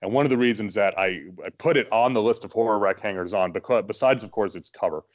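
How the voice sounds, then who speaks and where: A man co-hosting a podcast, chatting casually about films and working through his points out loud. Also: lowish voice, fast talker, muffled recording. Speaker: podcast co-host. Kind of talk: casual film discussion.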